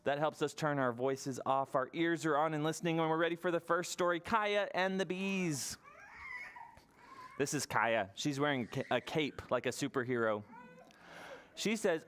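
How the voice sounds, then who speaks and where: A children's librarian reading a picture book aloud at preschool story time, expressive and asking the children questions. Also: medium pitch, a little hiss or hum.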